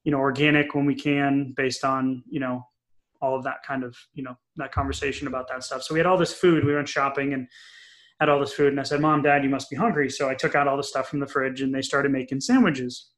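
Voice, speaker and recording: A man's voice: mid-range voice, fairly quick. Chatty storytelling man co-hosting a podcast. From New England. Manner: chatty, animated storyteller with many fillers. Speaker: podcast co-host. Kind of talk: casual podcast chat, storytelling.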